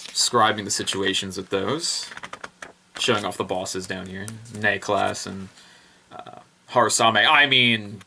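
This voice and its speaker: A young man giving a casual, unscripted review, rambling and excitable, with lots of fillers and self-corrections. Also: on the low side, unhurried, gravelly, a little hiss or hum. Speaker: product reviewer.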